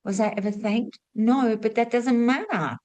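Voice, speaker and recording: A woman's voice: a little high, normal speed. Middle-aged woman telling a teaching story. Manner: rhetorical questions, swinging between lively and hushed. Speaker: spiritual teacher and former nurse.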